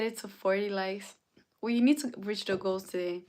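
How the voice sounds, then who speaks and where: A woman's voice: mid-range voice, fairly even intonation, moderate pace. A tired woman hosting a casual live stream, reading chat messages aloud and answering them. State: tired, yawning. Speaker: livestreamer.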